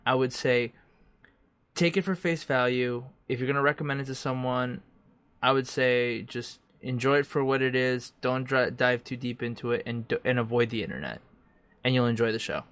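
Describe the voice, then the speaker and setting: A man's voice: mid-range voice, normal speed, a bit bright, clear, resonant tone, dry recording. Young male podcast host, casual and jokey with loose swearing, recorded dry. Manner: loose, joking, swears freely. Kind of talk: casual chat.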